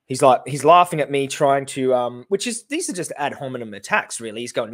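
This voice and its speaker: A man in his thirties with an Australian accent, reacting to his own TV debate with animated, sarcastic commentary. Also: medium pitch, a little fast. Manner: animated, sarcastic, laughing in disbelief.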